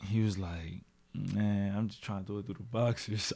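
A man's voice: on the low side, fairly even intonation, moderate pace, creaky, dark tone, slight background noise. A man co-hosting a podcast, telling a story in casual chat, full of slang and fillers. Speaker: podcast co-host.

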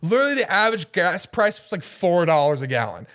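A man's voice: high-pitched, very animated, fast, fairly bright tone. A man co-hosting a casual podcast, talking in a profane, mocking way and mimicking the people he quotes. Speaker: podcast co-host.

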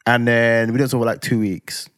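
A man, telling a personal story on a podcast in an animated, dramatic way with slang tags. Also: medium pitch, moderate pace, no echo, studio quality. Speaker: podcast co-host. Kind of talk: casual storytelling chat.

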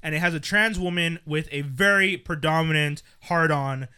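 A man in a loose podcast conversation, his voice pitched high and sounding very bright. He rambles through stories, often breaking into laughter. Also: normal speed, smooth. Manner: rambling, laughs while retelling sketches. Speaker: podcast co-host. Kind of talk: casual group chat.

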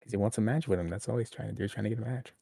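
Gravelly low-voiced man, dry sound. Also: racing, warm tone, no echo. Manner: wry, sarcastic, acts out quotes. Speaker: podcast co-host. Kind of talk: casual wrestling review chat.

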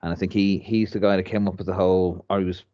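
A man's voice: low voice, flat delivery, fast talker, highs cut off. A man, co-hosting a casual football chat and rambling animatedly with many restarts. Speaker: podcast co-host.

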